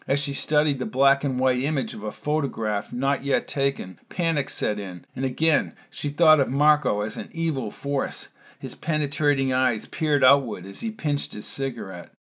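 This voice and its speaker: A man reading a novel aloud as narrator, in a steady storytelling manner. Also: mid-range voice. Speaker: audiobook narrator. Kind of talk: scripted narration.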